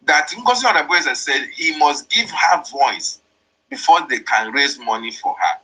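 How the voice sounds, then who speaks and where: On poor audio, a man with a high-pitched, sharp voice and a breathy edge hosts political commentary. With lively intonation and a measured pace, he interprets a played voice message, emphatically going over each line and repeating himself.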